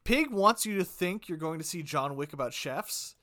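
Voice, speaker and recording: A man's voice: fairly high pitch, lively intonation, normal speed, pushed and bright. A man co-hosting a podcast in casual chat, with dry, wry humor. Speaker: podcast co-host.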